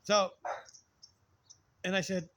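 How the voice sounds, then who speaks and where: A man co-hosting a channel, telling a story in casual chat, excitable and full of restarts, shouting sound effects. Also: sits high, slow pace, a little hiss or hum. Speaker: co-host.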